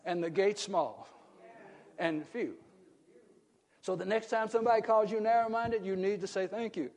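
A man preaching a sermon, asking the congregation questions and swelling into emphatic shouts as listeners call back. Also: high-pitched, normal speed. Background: congregation calling out responses.

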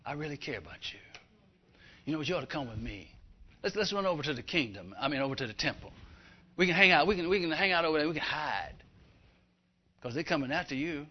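A man voicing a scheming false prophet who coaxes in a hushed, feigned-caring voice. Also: a little high, animated, fast talker, pauses often. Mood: coaxing. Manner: hushed, coaxing. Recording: dull lo-fi recording.

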